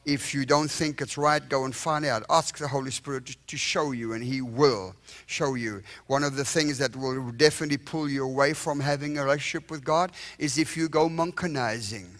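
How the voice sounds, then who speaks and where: A middle-aged man with a South African accent preaching a revival sermon in a church, lively and joking with the congregation, often checking "all right?". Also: mid-range voice, moderate pace. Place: church sanctuary.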